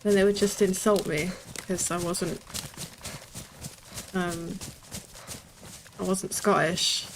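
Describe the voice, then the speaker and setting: A woman's voice: fairly low pitch, fairly even intonation, slow, pauses often, slight background noise. A British woman in her thirties, chatting casually while streaming a game, swearing freely and laughing often. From Britain. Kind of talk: casual gaming stream chat.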